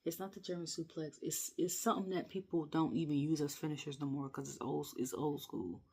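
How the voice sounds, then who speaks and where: A woman's voice: low-pitched, a little fast, vocal fry, breathy edge. Chatty woman ranting casually. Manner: chatty, rambling, animated, laughs often. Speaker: wrestling reviewer. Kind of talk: casual rant review.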